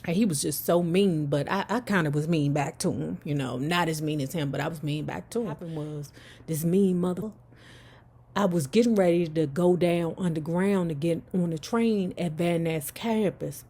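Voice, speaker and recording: Loud-mouthed lady reading a memoir, cursing and riffing, warm husky voice. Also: lowish voice, normal speed. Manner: brash, profane, storytelling. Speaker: comedic host reading a memoir aloud. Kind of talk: memoir reading with comedic commentary.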